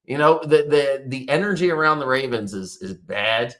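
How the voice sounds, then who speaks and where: A man's voice: medium pitch, normal speed, a bit bright. Male sports talk host, exasperated fan ranting, casual with profanity. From Baltimore area. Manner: frustrated, exasperated, swears.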